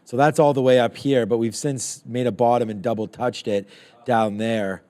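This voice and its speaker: A man's voice: medium pitch, steady tone, moderate pace, dark tone. A man co-hosting a live trading stream, thinking aloud as he scans coin prices and stock charts. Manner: rambling, thinks aloud while scanning charts. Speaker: co-host of a live trading show. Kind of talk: casual live-stream market talk.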